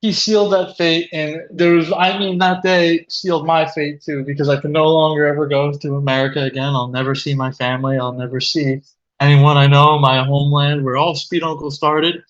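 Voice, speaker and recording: A man co-hosting a comedy video, telling an absurd confession with mock seriousness, often laughing and shouting out quoted lines. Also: fairly high pitch, little pitch movement, normal speed, muffled recording. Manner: laughing through absurd confessions, breaking into loud acted quotes. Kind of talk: deadpan mock apology, improvised comedy. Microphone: video call.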